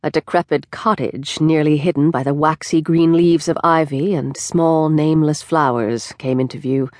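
A woman narrating an audiobook in a measured, expressive storytelling manner. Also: low voice, dry recording, studio quality. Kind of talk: scripted narration. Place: recording studio. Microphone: close studio mic.

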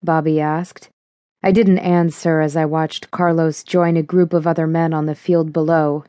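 A woman narrating a thriller audiobook in the first person, with a measured, even delivery. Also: low voice, no echo.

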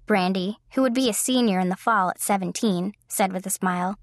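A woman narrating an audiobook with an even, measured delivery. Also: medium pitch, no room sound, studio quality. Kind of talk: scripted narration.

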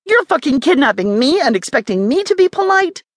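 A woman's voice: high-pitched, big pitch swings, slow pace, dry recording, clean studio sound, pitched above the performer's own voice, exaggerated voice. A woman narrator voicing a fiery young woman journalist who is furious and swears at her captors. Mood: defiant. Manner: yelling, defiant, swearing. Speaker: heroine of an audiobook.

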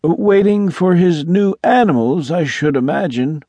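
Courteous blue alien man, voiced by a male narrator, high and singsong, unhurried, dry studio. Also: animated, mellow, dry recording, highs cut off. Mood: cheerful. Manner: courteous, mild, precise. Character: polite cheerful tall blue alien male. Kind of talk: audiobook character voice.

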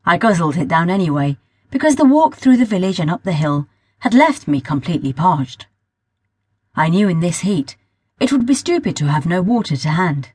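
A woman narrating a first-person story as an audiobook, at a measured pace, now and then rereading a line. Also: fairly low pitch, a little mellow, breathy edge, no echo, clean studio sound.

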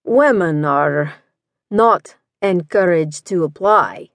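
A woman voicing a skeptical male Scottish detective chief with a blunt, measured, dismissive manner in an audiobook. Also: lowish voice, animated, no room sound, voice pushed down.

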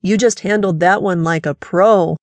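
A woman voicing a calm, methodical male police detective who talks in a patient, measured, quietly pointed way. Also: on the low side, no echo, close to an everyday voice. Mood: dry, confident.

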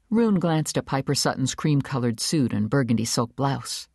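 A woman narrating an audiobook in an expressive, measured storytelling manner on a studio microphone. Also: a bass voice, breathy edge, dry recording. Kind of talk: scripted narration.

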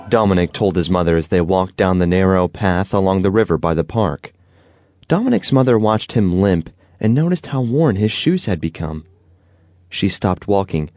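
Man narrating a kids' audiobook, lowish and lively, dry close read. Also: moderate pace, dry recording, faint music behind. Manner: expressive, storytelling.

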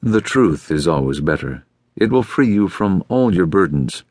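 A man voicing a calm, courteous middle-aged male detective who talks in a polite, measured way, in an audiobook. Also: deep voice, no echo, clean studio sound. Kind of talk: audiobook character voice.

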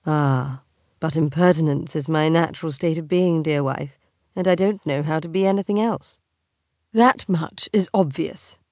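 A woman voicing a teasing, insolent young aristocratic husband in a slow, drawling, mocking manner. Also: deep voice, darkish tone, no echo, clean studio sound.

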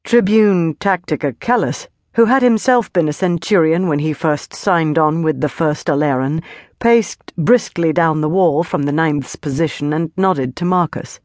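A woman narrating an epic fantasy audiobook in a steady, measured way. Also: low-pitched, no echo, studio quality.

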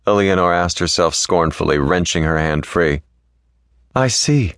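A male audiobook narrator reading a historical romance with smooth, even storytelling. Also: low-pitched, moderate pace, dry recording, clean studio sound.

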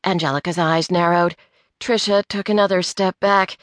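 A woman narrating an audiobook in clear, measured storytelling on a close studio mic. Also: on the low side, fairly even intonation, dry recording. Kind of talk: scripted narration.

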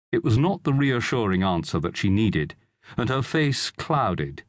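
A male audiobook narrator reading a historical story with measured, expressive delivery. His voice is lowish and lively in pitch, recorded close and dry with no room sound. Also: no room sound. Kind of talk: scripted narration.

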